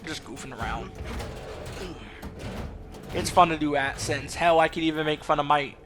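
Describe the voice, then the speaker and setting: High, bright jokey gaming host. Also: male voice, normal speed, faint music behind. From US South. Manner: jokey, rambling, laughs often. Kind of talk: casual let's play commentary.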